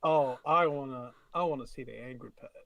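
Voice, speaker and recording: A man's voice: medium pitch, a little fast, creaky, fairly bright tone. A man playing a tabletop game, playful and tripping over his words. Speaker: player. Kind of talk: casual tabletop play.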